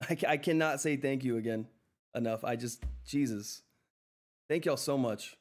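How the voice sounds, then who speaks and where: A man hosting a live stock trading stream, talking through price charts in an excitable, effusive way that repeats itself. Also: mid-range voice, moderate pace. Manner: excitable, effusive, repeats himself, says "all right?" often. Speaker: livestream stock trading host. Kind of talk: live market commentary and chat.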